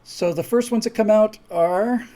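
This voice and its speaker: A man's voice: high-pitched, measured pace, mellow. A man hosting a live stream, talking casually and rambling with many restarts and asides. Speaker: host.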